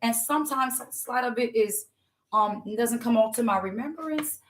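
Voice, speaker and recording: High-voiced woman preaching a fervent testimony. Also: moderate pace, slight background noise. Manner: fervent, repetitive, addresses listeners as y'all. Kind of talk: impassioned testimony sermon.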